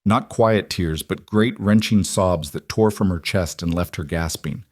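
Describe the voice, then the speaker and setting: Low-voiced man narrating a western. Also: a little mellow, no room sound, clean studio sound. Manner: measured, dramatic storytelling. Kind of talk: scripted narration.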